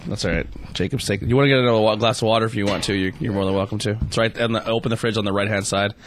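A man's voice: on the low side, steady tone, very fast, a little hiss or hum. A man hosting a casual chat, easygoing and agreeable, laughing often. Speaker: podcast host.

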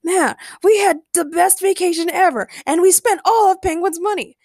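A woman's voice: extremely high pitch, normal speed, a little mellow, dry recording, clean studio sound, pitched above the performer's own voice. A woman voicing an eager, teasing young man on a time-travel adventure in a read-aloud fan story. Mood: excited.

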